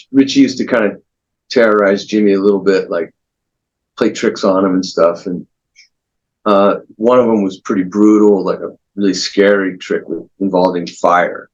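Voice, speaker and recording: A man with a low, husky voice tells studio stories in an unhurried, rambling way, restarting his sentences often. The sound is dull and lo-fi, like a remote call. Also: darkish tone. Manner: rambling, anecdotal, many restarts. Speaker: guitarist guest. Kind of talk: relaxed storytelling interview.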